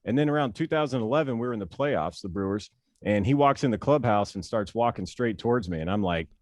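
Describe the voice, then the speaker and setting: A man being interviewed as a guest, telling stories in a playful, animated way with frequent laughs. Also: fairly low pitch, fast, dry recording. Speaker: guest, former pitcher and broadcaster. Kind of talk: casual interview storytelling.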